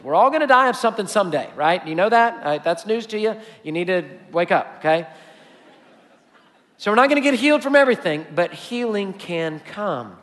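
A man's voice: high voice, expressive, brisk, fairly bright tone. A man preaching a sermon as a pastor, emphatic and repetitive as he drives his points home. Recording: long hall reverb.

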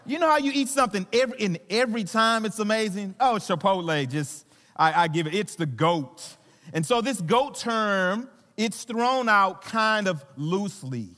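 High-voiced Southern pastor in a reverberant hall. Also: male voice, lively intonation, normal speed, pushed and bright. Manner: conversational, playful with the crowd, many fillers and restarts. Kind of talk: sermon. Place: church sanctuary.

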